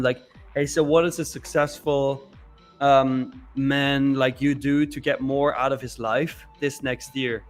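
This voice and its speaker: Chatty laughing man co-hosting a stream. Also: mid-range voice. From born in the UK. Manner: laughs often, quick and loose. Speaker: co-host of live trading show. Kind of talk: casual chat reading viewer comments.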